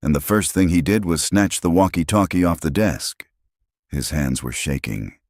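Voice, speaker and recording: A man's voice: very deep voice, animated, normal speed, dry recording, studio quality. A man narrating a scripted story with a dramatic, suspenseful delivery.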